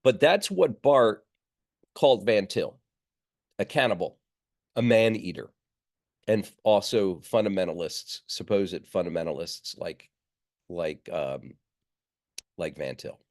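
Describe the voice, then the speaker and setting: A man teaches a seminary class over a video call. He talks through his points in a measured way, often pausing with fillers and restarting phrases. His voice comes through a computer microphone. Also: low voice, animated. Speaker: seminary lecturer. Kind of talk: online lecture. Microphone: computer mic on a video call.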